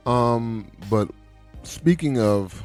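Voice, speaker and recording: This podcast co-host draws out his words in a mid-range voice while chatting casually and spinning stories, acting out each quoted line with animation. There's soft background music.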